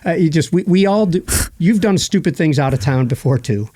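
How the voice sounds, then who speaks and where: A man talks as a guest in a relaxed podcast chat, his voice sitting a little high but sounding mellow and dark. He tells stories with lots of energy, laughs often and drifts into quick asides. The sound is close and dry. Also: no echo. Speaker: guest, battlefield guide and historian. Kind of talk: casual podcast conversation.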